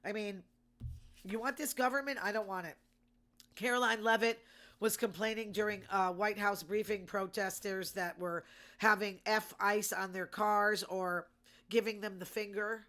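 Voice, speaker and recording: A woman talks through the news in a loose, casual commentary. She is indignant and sarcastic and keeps firing off rhetorical questions. Her voice sits at an ordinary middle pitch for a woman. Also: fairly even intonation, moderate pace, a bit bright. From Massachusetts. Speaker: host.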